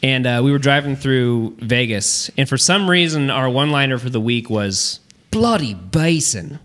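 A man's voice: medium pitch, normal speed, a bit bright. A man co-hosting a casual podcast chat in a joking, playful way. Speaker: podcast co-host.

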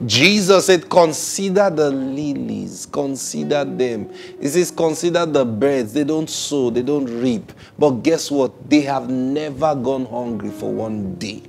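A man preaching a sermon, emphatic, laughing often and climbing to loud high peaks on key lines. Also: animated, unhurried, gravelly, few pauses. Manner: laughs often between points.

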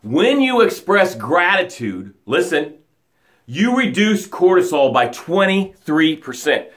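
Preachy, high-voiced motivational man. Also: slow. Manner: energetic, preachy, repeats key phrases; acts out angry stories with rising voice. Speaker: motivational coach. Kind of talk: live motivational broadcast.

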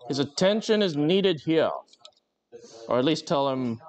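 A man's voice: fairly high pitch, expressive, measured pace, a little mellow. A man livestreaming while he crafts, chatting casually with viewers in a rambling, joking way with lots of fillers. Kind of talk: casual live-stream chat while crafting.

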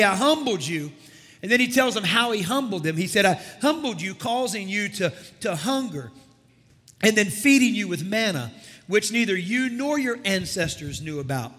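A man's voice: high-pitched, sharp tone. A man preaching a sermon as pastor in a church, stumbling over repeated words and calling out to his congregation. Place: church sanctuary. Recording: long church hall reverb.

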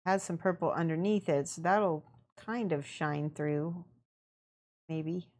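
Young woman, casual painting tutorial, chatty and easygoing, slightly low voice. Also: slow. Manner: relaxed, chatty, laughs often, answers chat. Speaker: miniature painting streamer.

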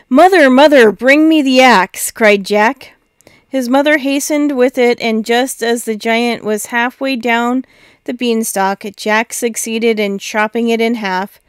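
Female storybook narrator, smooth, dry close sound, mid pitch. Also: no room sound. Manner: steady, expressive narration. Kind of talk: storybook read-aloud.

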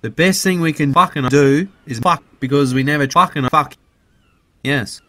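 A man's voice: mid-range voice, big pitch swings, measured pace, pushed and bright. A man giving a crude, rambling parody interview, swearing constantly. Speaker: mock interviewee.

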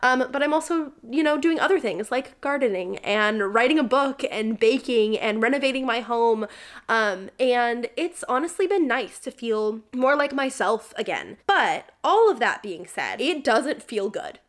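A woman's voice: on the high side, expressive, a little slow. A young woman, a vlogger and stay-at-home mom, talking candidly with lots of fillers and sometimes close to tears. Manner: rambling, many "like" and "um" fillers; emotional, close to tears at times. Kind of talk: candid confessional vlog talk.

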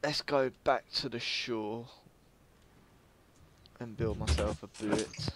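A man's voice: mid-range voice, slow pace, very noisy. A young man, making crude jokes and chatting casually while gaming. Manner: joking, crude, laughs often. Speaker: gamer.

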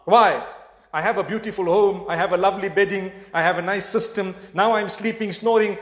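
A man's voice: sits high, fairly quick, echoey room, long reverb tail. A man preaching a sermon in a mosque, earnest and speaking straight to his listeners with questions. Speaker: Islamic preacher.

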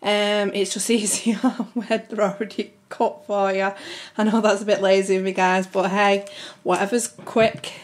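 A woman's voice: mid-range voice, little pitch movement, a little slow. A young woman chatting through a family grocery haul to camera at home, rambling and slightly out of breath. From United Kingdom. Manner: chatty, rambling, keeps addressing viewers as guys. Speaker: family vlogger.

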